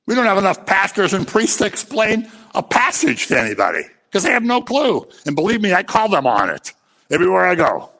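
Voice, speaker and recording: An impassioned male preacher delivering a sermon, scolding his listeners and acting out little scenes. His pitch swoops up and down with great animation. The voice rings out with a long reverb in a large hall. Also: huge pitch swings, a little fast, sharp tone.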